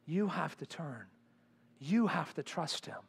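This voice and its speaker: A male pastor preaching in a church sanctuary, his voice pitched high for a man. He swings from loud, emphatic bursts to hushed, intense lines as he drives each point home. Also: animated, measured pace, creaky, slightly rough. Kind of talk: sermon.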